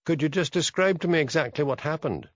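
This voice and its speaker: A man voicing a shrewd, calm male police sergeant in an audiobook, asking probing questions. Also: on the high side, quick pace, dry recording, lo-fi sound, pitched above the performer's own voice, lightly acted.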